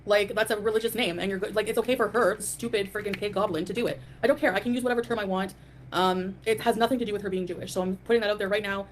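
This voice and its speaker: A woman's voice: medium pitch, fairly even intonation, racing, slight background noise. A woman hosting a live stream, ranting in a defiant, dismissive way and greeting chat viewers. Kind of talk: casual live stream rant.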